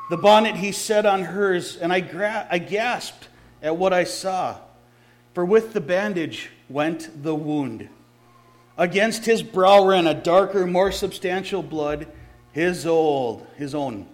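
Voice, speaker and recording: A man, a pastor, reading a story aloud in a sermon, catching and correcting his small slips as he goes. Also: high voice.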